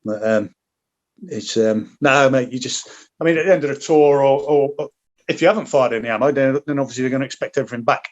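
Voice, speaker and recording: A British man, once a paratrooper, tells combat stories as a podcast guest, speaking quickly in a mid-range voice. He swears freely, restarts often and drifts into asides in casual conversation. The recording sounds muffled.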